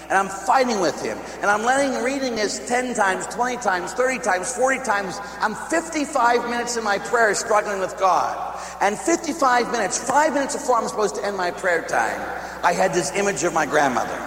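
A man, a Catholic priest, preaching a sermon as an animated storyteller who acts out the dialogue. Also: a little high. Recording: echoey hall, faint hum.

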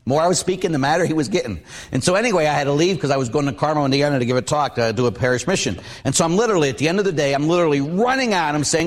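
A middle-aged male Catholic priest giving a storytelling sermon, acting out the quotes in his stories with big swings in his voice. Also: rapid-fire. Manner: animated, acts out quotes with big pitch jumps.

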